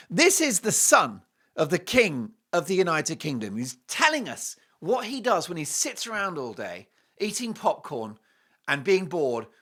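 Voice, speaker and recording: A man's voice: sits high, bright, forceful tone. A man hosting a talk show, delivering a sarcastic, mocking opinion monologue with theatrical outbursts.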